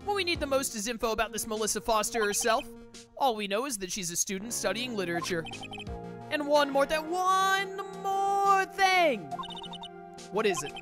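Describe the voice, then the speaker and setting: A woman reads a composed young lawyer who asks her questions calmly and plainly. The voice sits fairly high and moves lively in pitch. Game music hums behind. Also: moderate pace, close to an everyday voice.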